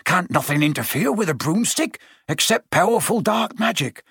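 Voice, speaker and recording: A man voicing a big, gruff older male groundskeeper with rough, dialect-ish speech, in a storybook reading. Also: high voice, animated, normal speed, a bit bright, dry recording, clean studio sound, voice pushed up, exaggerated voice. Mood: worried.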